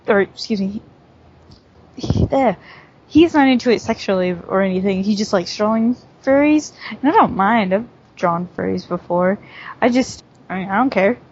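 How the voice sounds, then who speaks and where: A woman's voice: mid-range voice, darkish tone. A woman from the southern United States, a podcast guest in casual chat who rambles and laughs often. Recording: dull lo-fi audio.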